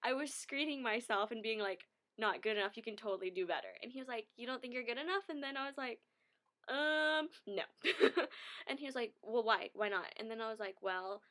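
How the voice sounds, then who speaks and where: Young woman, slightly high voice, chatty, giggly, casual storytelling. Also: lively intonation, a little fast, fairly bright tone. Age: young adult.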